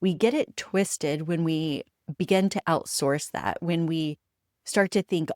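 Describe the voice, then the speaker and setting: Candid, emphatic woman with a lower voice. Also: dry recording, clean studio sound. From United States. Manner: candid and emphatic, swears freely; reflective storytelling with frequent pauses. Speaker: podcast host. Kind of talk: solo podcast monologue.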